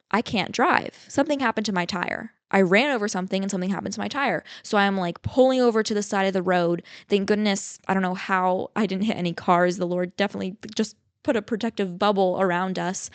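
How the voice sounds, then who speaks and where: A young woman in her twenties hosting a casual faith podcast, telling a story in a chatty, lively way with lots of "like" and "you know". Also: medium pitch, clean tone, no room sound. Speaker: podcast host.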